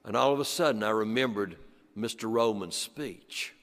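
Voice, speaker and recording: An older man from western North Carolina, telling a story to an audience in rhythmic repetitions that sink low and soft on the refrains. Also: normal speed. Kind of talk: storytelling performance. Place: church sanctuary before an audience. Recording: long church reverb.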